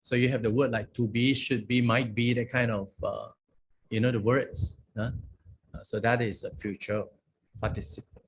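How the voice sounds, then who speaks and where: Husky-voiced monk teaching scripture language. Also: male voice, mid-range voice, fairly even intonation. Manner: checks in with frequent "okay?" and "huh?"; recites scripture lines slowly. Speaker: Buddhist monk teaching Pali.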